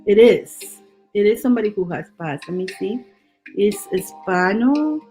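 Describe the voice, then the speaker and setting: A woman's voice: medium pitch, expressive, normal speed, dark tone, soft background music. A woman doing a live-streamed psychic tarot reading, reassuring and chatty, often restarting and repeating words. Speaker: tarot reader.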